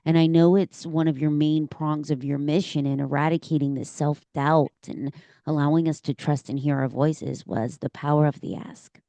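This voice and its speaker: A woman's voice: sits low, steady tone, normal speed, warm tone, dry recording. A woman hosting a podcast, chatting casually and encouraging her guest, often calling her "girl". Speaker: podcast host. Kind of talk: casual conversational interview.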